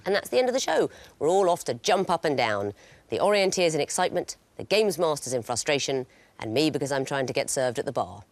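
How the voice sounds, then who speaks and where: A woman hosting a quiz show, crisp and wry, announcing clues and scores with dry jokes. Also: sits low, very animated, quick pace, dry recording. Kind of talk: quizmaster patter with dry jokes.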